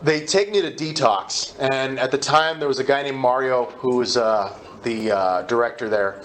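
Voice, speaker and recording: A man candidly telling his personal recovery story in a conversational, halting way at a meeting. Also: mid-range voice, a bit bright, slight background noise.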